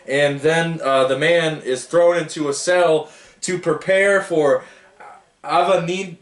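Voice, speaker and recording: A man's voice: on the high side, roomy sound. A man giving a casual, rambling book review, stumbling over foreign names and laughing at himself.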